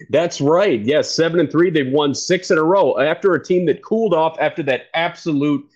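Brief: male baseball analyst, chatty and self-correcting, somewhat higher pitch, dull audio. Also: normal speed, a little mellow. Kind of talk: casual sports talk.

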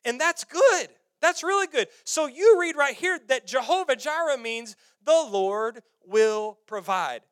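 A male pastor preaching a sermon in church, animated, swinging from quiet to loud and calling on the congregation to respond. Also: very high-pitched, smooth, no room sound, clean studio sound.

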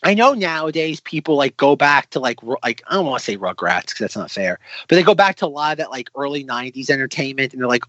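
A man's voice: mid-range voice, sing-song, quick pace, few pauses, bright, forceful tone, muffled recording. A man in his twenties chatting casually as a co-host, enthusiastic, often stumbling and repeating words. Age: 20s. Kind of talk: casual chat.

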